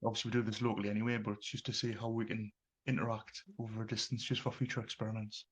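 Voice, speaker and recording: A guest on a live-streamed seance, calmly explaining a distance experiment with spirits. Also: mid-range voice, rapid-fire, breathy edge.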